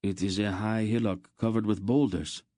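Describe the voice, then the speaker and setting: A man's voice: on the low side, steady tone, normal speed, warm tone, dry recording, clean studio sound, lightly acted. A man voicing a young male archer guide who speaks urgently, as a storybook figure. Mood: explaining. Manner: urgent, pressing.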